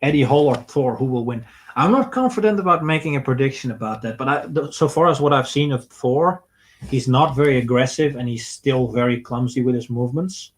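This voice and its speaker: A man's voice: medium pitch, a little fast, rough recording. A young man, bluntly reading out viewer questions and giving his opinions on a casual livestream. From Netherlands. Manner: blunt and opinionated, reads out questions then answers. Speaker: streamer answering viewer questions.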